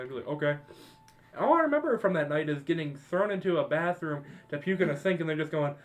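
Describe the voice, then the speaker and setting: On a podcast he co-hosts, a young man recounts a story to his friends with plenty of laughter and profanity, animated all the way. He speaks a little fast in a voice on the high side.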